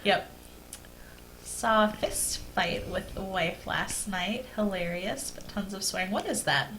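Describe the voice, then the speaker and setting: A woman co-hosting a casual podcast, chatty and quick to laugh. A faint hum of background noise sits under her voice. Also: medium pitch, fairly bright tone, rough recording. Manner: laughs often, chatty and joking. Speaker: podcast co-host. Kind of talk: casual chat.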